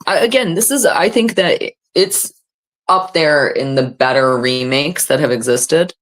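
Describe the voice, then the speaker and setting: A woman's voice: deep voice, unhurried. A woman hosting a casual livestream, reading chat comments aloud and chatting in a self-deprecating, filler-heavy way. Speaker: livestream host.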